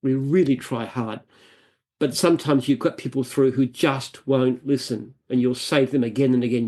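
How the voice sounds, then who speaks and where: A man's voice: mid-range voice, moderate pace, a little mellow. An Australian man, a business founder, answering interview questions in an earnest, emphatic way, often repeating and restarting phrases. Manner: earnest, emphatic, repeats himself when explaining. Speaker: franchise founder, guest.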